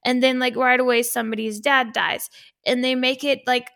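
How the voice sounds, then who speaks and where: American woman, podcast co-host, vocal fry, slightly high pitch, chatty and full of fillers. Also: flat delivery, normal speed, a bit bright. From United States. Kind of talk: casual chat.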